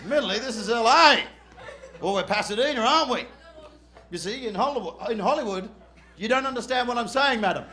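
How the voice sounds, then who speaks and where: Brash, loud Australian comedian with a very high voice. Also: male voice, expressive, brisk. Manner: loud, brash, profane, often shouting and laughing. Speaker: stand-up comedian. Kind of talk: stand-up comedy set. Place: live comedy club stage.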